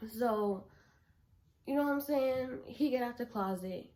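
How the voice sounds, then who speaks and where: Young woman vlogger, pitched a bit high, blunt and animated, casual storytime delivery. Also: measured pace. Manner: animated, blunt, swears freely.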